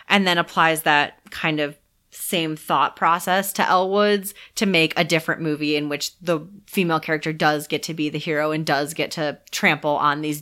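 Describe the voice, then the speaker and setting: A woman's voice: low voice, bright, forceful tone. A woman co-hosting a film podcast, talking enthusiastically in casual discussion and often laughing. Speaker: podcast co-host.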